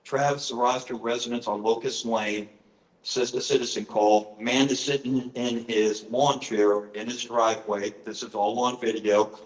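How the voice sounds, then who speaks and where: A man's voice: mid-range voice, steady tone, moderate pace. Earnest middle-aged man, echoey hall. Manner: earnest, storytelling, frequent fillers. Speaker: author giving a presentation. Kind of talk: conference talk with personal stories. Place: conference hall.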